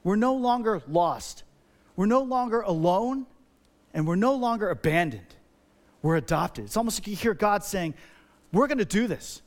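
High-voiced, fired-up male pastor. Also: animated, moderate pace. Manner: emphatic and repetitive, builds energy with repeated phrases. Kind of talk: sermon.

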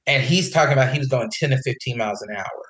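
A man's voice: medium pitch, quick pace, reverberant, rough recording. A man on a podcast, telling a personal story in casual chat and quoting the people in it. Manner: animated, quotes others in his retelling. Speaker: podcast co-host.

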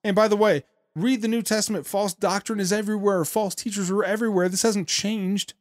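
A man's voice: high-pitched, fairly even intonation, a little fast, dry recording, studio quality. A man hosting a show, giving an indignant, sarcastic running commentary on a speech clip. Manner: indignant, sarcastic, repeats words when heated. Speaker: podcast host.

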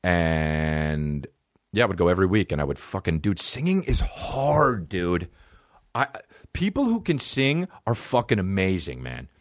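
A man in his thirties hosts a podcast alone, rambling through stories with lots of swearing. His pitch swings all over the place, and he often jumps into squeaky put-on voices. The sound is close and dry, with no room echo. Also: big pitch swings, a little slow. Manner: profane, rambling, jumps into high silly voices and laughs. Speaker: podcast host. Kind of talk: casual solo podcast chat.

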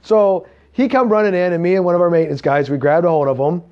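Male camp preacher, lively storyteller, slightly high, dull recording. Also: fast talker. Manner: animated, acts out voices in anecdotes. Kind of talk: storytelling sermon. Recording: dull lo-fi sound.

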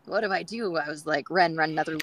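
A woman's voice: deep voice, quick pace, background noise. A woman guest on a groomers' podcast, telling stories in a chatty way with many fillers and acting out quoted dialogue. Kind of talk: casual storytelling interview.

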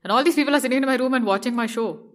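A woman's voice: sits high, very fast. A young woman, a fashion designer, telling a personal story and acting out her own anxious thoughts with animation.

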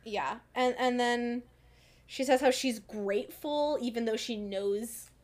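Young woman, higher voice, giggly, casual podcast chat, swears freely. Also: measured pace, a little mellow. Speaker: podcast co-host.

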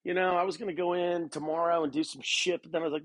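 Speaking quickly with hardly any pauses, this young man has a fairly high, flat-sounding voice on a dry recording. He's a podcast host pacing around his bedroom, rambling in a laid-back way, cursing often and tossing out "man" and "dude."

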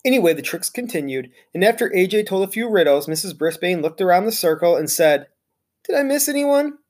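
A reader narrates a children's chapter book aloud with lively expression. The voice sits at a middle pitch and carries the story along with an engaging storytelling manner. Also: quick pace, slightly rough.

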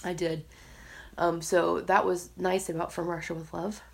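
A woman co-hosting a podcast, chatting in a casual, animated way and laughing often between thoughts. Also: fairly low pitch, unhurried, gravelly. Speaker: podcast co-host.

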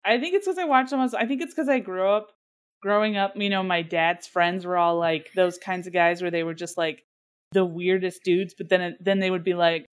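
A woman's voice: on the low side, fairly even intonation, moderate pace, clear, resonant tone. A woman co-hosting a podcast in casual chat, rambling with lots of "like" and laughter. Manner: rambling, full of "like", drops into silly voices. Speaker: podcast co-host.

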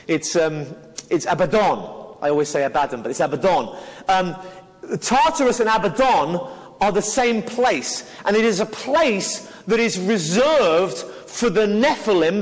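A man's voice: high-pitched, big-room sound, low-quality recording. A man teaching the Bible to an audience, earnest and explanatory, often restarting and correcting himself mid-sentence.

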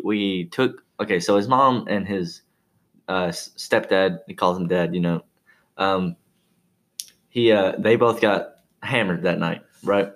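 Low-voiced man telling rambling stories. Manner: rambling, profane storytelling with frequent laughs. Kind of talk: casual chat.

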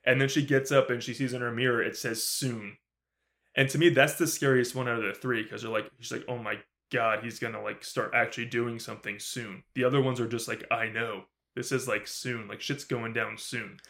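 A man's voice: mid-range voice, a little fast. A man co-hosting a movie review podcast, chatting casually, swearing freely, laughing often and acting out lines from the film. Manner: animated, swears a lot, laughs often, acts out character lines. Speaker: podcast co-host.

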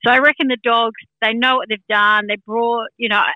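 A woman's voice: fairly high pitch, fairly even intonation, a little fast, bright, forceful tone, no echo, dull audio. A woman from New Zealand giving casual sports chat as a football pundit, chatty with many fillers.

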